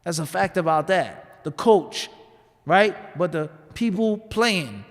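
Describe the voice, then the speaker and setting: A man gives a sermon in a conversational storytelling manner, often asking the listeners rhetorical questions. His voice sits high. The recording has a long reverb from a mosque hall. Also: animated, slow pace. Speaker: imam giving a talk.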